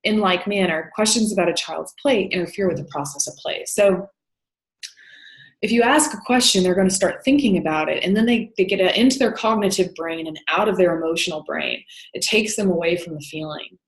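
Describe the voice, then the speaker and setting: Woman instructor, lowish pitch, explanatory lecture, lots of ums, echoey room. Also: a little fast. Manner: explanatory, with frequent "um" and "you know". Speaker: counseling instructor. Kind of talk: recorded lecture.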